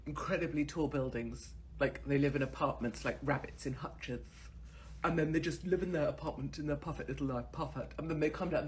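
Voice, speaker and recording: A woman's voice: sits low, a little hiss or hum. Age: 40s. Sex: woman. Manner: crude, sardonic ranting. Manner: crude, sardonic and mocking, swearing freely. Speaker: host of her own online show. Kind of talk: casual ranting monologue to camera.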